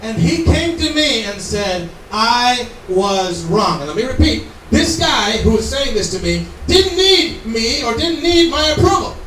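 A man's voice: very high voice, very animated, normal speed, hardly any pauses, a bit bright, a little hiss or hum. A man preaching a sermon in an earnest, conversational way with asides to the congregation. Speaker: pastor. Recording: echoey room, mic from far off.

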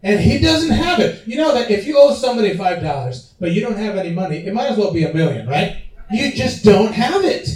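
A male pastor preaches to his congregation in a high, lively voice that swoops up and down. He talks in a conversational way and keeps asking the room questions, and he sounds roomy and a little distant, as if picked up from across a church. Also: fairly quick, faint music behind. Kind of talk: sermon. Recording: roomy hall, mic at a distance.

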